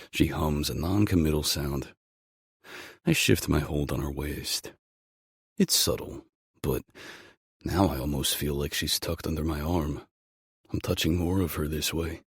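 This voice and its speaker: A man narrating a romance audiobook in the first person with calm, intimate storytelling. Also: rumbling low, unhurried, breathy edge, dry recording, clean studio sound.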